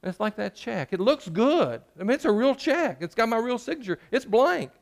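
A man preaching a sermon in a church, joking with the congregation and swinging between loud and hushed. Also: very high voice, big pitch swings, normal speed, vocal fry. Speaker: pastor.

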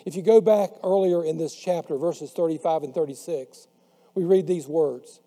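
A man preaching a sermon who slows down and drops his voice on the words he wants to stress. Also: fairly high pitch, dark tone. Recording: long hall reverb.

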